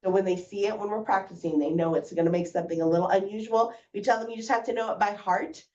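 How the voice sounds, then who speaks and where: A woman teacher explaining reading lessons to parents in a clear, patient way. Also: mid-range voice, fast talker, a little mellow. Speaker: first grade teacher. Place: school room presenting to parents. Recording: roomy, distant, dull sound.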